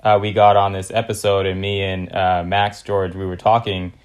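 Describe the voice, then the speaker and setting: A young adult man from California hosts a casual podcast interview. He sounds laid-back and slangy, with plenty of fillers, speaking at normal speed in a low voice with flat delivery.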